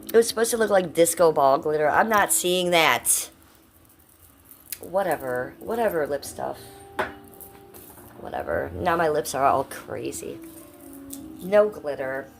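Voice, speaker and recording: A woman's voice: deep voice, lively intonation, normal speed, vocal fry, soft background music. A middle-aged woman from Ohio chatting casually on a live stream, blunt and profane, reading out and answering her chat. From Cleveland, Ohio, USA.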